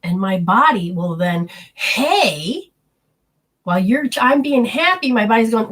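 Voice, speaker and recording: A woman's voice: fairly high pitch, sing-song, a little slow, fairly bright tone. A woman giving an earnest spiritual healing talk, telling personal stories and acting out inner voices in quotes.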